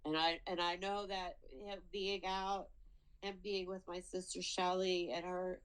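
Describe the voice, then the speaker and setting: A woman with a lowish, clear, resonant voice but flat delivery pleads for her father over video at a hearing. She falters, repeats words, and fights tears, all on a rough recording.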